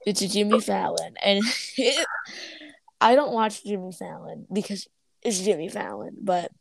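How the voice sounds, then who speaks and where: A woman's voice: mid-range voice, measured pace, vocal fry, dry recording. A woman co-hosting a podcast, casually recapping a cartoon episode, rambling with many fillers and restarts, giggling as she goes. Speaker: podcast co-host.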